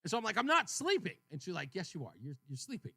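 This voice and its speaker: A man hosting a call-in radio talk show, telling a story with animated energy and acting out both sides of a conversation. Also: on the high side, very fast, husky, no echo. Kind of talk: casual call-in radio chat.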